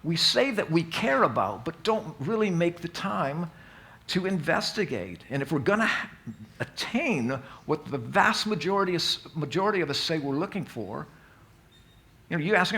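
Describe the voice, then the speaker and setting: Gravelly, pushed and bright, his fairly high voice is very animated while keeping a moderate pace. The man runs an introductory Alpha course in a church hall, talking informally with folksy self-deprecation and repeated sentence restarts.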